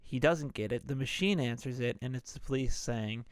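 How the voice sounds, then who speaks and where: A man's voice: medium pitch, moderate pace, clear, resonant tone, no room sound, studio quality. A man hosting a podcast, loosely retelling a movie plot in a rambling, casual way with plenty of swearing. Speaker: podcast host.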